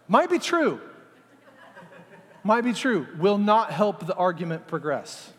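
A man preaching a sermon to a congregation, animated and acting out little scenes as he talks. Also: sits high, takes it slowly, pauses often. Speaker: pastor. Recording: long hall reverb.

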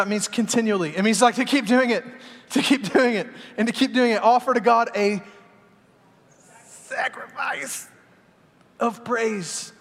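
Man preacher with a high voice, fiery yet chatty, long church-hall reverb. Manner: energetic, swings between loud exhortation and quiet asides. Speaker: pastor. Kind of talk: sermon. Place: large church sanctuary.

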